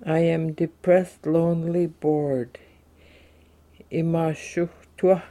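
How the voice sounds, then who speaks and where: A man slowly reading short everyday phrases in English, then saying each one in his native language for a language lesson. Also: a little high, flat delivery, dark tone.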